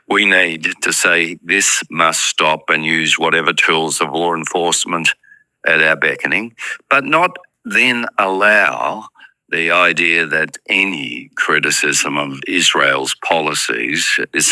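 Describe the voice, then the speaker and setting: A man, speaking as a political commentator in a broadcast news interview, measured and hedging with "I think" and "look". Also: extremely low pitch, bright, forceful tone, no echo, poor audio.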